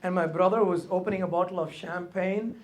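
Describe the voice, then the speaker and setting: A man's voice: high voice, fairly even intonation, fairly quick. A male stand-up comedian telling a story on stage into a handheld mic, often tagging his lines with "right?". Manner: tags lines with a questioning "right?".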